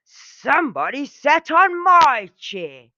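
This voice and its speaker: A woman doing a loud, angry father bear. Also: high-pitched, very animated, slow, dry recording, highs cut off, pitched above the performer's own voice, exaggerated voice. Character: gruff grumpy big father bear.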